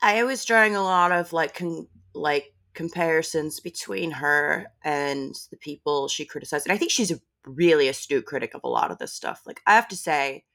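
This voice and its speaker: A woman's voice: low voice, moderate pace, hardly any pauses, a bit bright. A woman guest in a casual podcast discussion, chatty and wry, laughing often as she talks.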